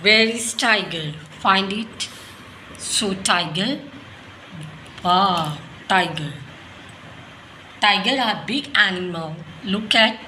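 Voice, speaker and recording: Slow-talking woman teaching little kids. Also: mid-range voice, expressive, sharp tone. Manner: slow, simple sentences with questions to children. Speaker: children's teacher. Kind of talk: kids' lesson, talking to toddlers. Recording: echoey room with faint noise.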